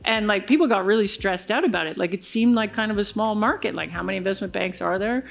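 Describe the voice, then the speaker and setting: A woman's voice: medium pitch, fast, vocal fry. A woman giving a conference keynote, telling a business story and acting out the other people's lines. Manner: animated storyteller acting out quoted dialogue. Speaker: keynote speaker. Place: large conference hall stage.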